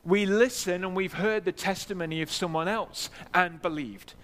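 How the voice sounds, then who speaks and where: A man's voice: high-pitched, normal speed, fairly bright tone. A man preaching a sermon in a church, earnest, repeating key phrases for emphasis. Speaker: pastor. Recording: long hall reverb.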